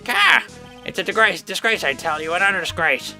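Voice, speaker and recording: A man doing a cranky, bright-voiced old grouch. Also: sits high, sing-song, a little fast, faint music behind, voice pushed up, full character voice. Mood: grumpy. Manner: cranky, huffing complaints. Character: grumpy old man, scolding and sour.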